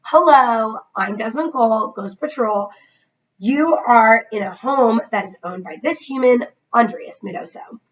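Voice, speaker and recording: A woman reading aloud, voicing a bold, calm young boy who hunts ghosts, speaking in a firm, official way. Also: a little high, measured pace, dull audio, natural voice.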